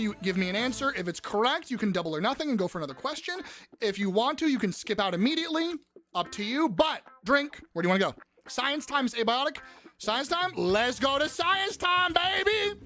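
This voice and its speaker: A woman hosts a live-stream trivia game, talking fast in a wildly animated voice that swoops up and down. Excitable and foul-mouthed, she bursts into shouts and high squeals while faint music plays behind her.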